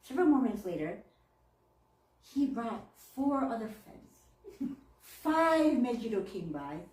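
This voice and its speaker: A woman minister tells a story in an animated way, laughing as she goes, with her pitch ranging widely. Her voice rings in a roomy church and sits some distance from the mic. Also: a little slow. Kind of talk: storytelling sermon.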